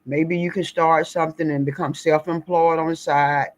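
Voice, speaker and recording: A woman's voice: low-pitched, fairly even intonation, normal speed. A woman giving blunt, indignant, folksy political commentary in a casual talk. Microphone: screen-share recording.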